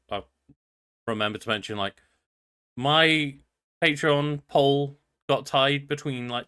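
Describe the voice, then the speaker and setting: A man's voice: mid-range voice, sharp tone, clear, resonant tone, no room sound, clean studio sound. A man co-hosting a podcast in rambling, sweary casual chat full of fillers. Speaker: podcast co-host.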